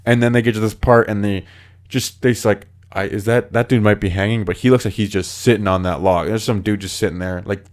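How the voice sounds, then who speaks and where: Low-voiced man telling spooky stories casually. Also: brisk. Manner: animated, acts out quoted voices, lots of filler words. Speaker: podcast host. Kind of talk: casual storytelling chat.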